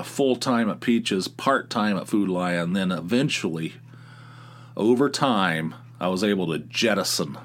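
A middle-aged man hosting a podcast, telling a story in a rambling, exasperated way, with many restarts, laughing at his own tale. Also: deep voice. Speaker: podcast host. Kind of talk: casual monologue storytelling.

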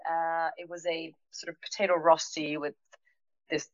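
A woman with a fairly low voice tells a story from her working life, bringing each quoted line to life. She laughs often as she goes. The sound is dry and a little dull. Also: moderate pace, dry recording. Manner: lively, laughs often, acts out quoted dialogue. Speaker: restaurant owner telling a story. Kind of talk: anecdotal storytelling on a podcast.

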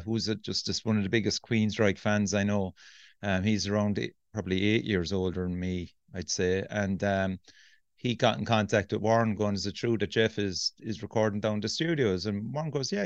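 Irish lad telling a story, does the voices, dry close sound. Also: male voice, lowish voice, normal speed, dry recording, lo-fi sound. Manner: anecdotal, acts out quoted voices. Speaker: band member guest. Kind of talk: casual chat.

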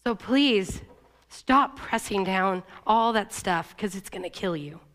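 A woman's voice: expressive, a bit bright. A woman from Oregon giving a sermon, telling a personal story in an emotional, confessional way. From Oregon, USA. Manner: emotional, confessional storytelling with quick shifts in pitch. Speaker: church staff speaker.

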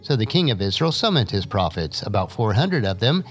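A man's voice: brisk, faint music behind. A man reading a Bible passage aloud in a lesson, raising his voice for the quoted speakers, then moving on to an essay. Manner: expressive reading, lifting pitch for quoted speakers. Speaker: scripture reader and teacher.

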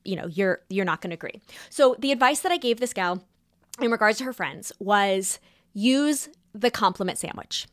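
A woman talking casually to her listeners about giving feedback, animated and laughing often as she acts out little quotes. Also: a little high, dry recording, studio quality. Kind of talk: casual advice talk.

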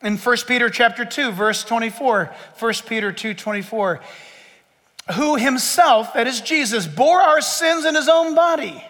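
A pastor preaches to his congregation at a measured pace, his voice sharp, forceful and pitched very high. He animatedly moves between plain teaching and acting out the imagined voices of his listeners. The church sanctuary around him carries a long, ringing reverb.

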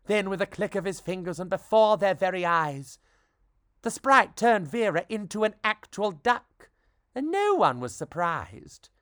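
A storybook podcast reader, narrating a rhyming tale in a playful, expressive way. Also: mid-range voice, measured pace, no room sound, studio quality.

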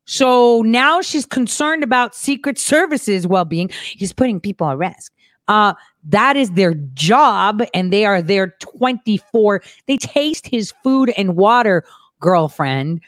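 Female host for reaction commentary, sarcastic and mocking, lively pitch, dry recording. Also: slow, no room sound. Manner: sarcastic, animated, mocking impressions. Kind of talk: reacting to news clips.

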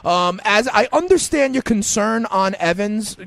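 A man hosting a fantasy football call-in show, giving advice in an animated, sing-song way and often addressing callers by name. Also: high voice, unhurried, vocal fry, no room sound. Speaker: fantasy football radio host.

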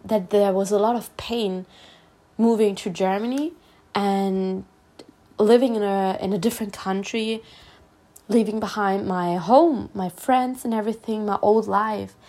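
Woman from Spain, self-healing vlogger, heartfelt halting talk, vocal fry, mid-range pitch. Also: fairly even intonation, dark tone. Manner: halting, with frequent restarts and earnest reassurance. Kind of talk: personal heartfelt talk to camera.

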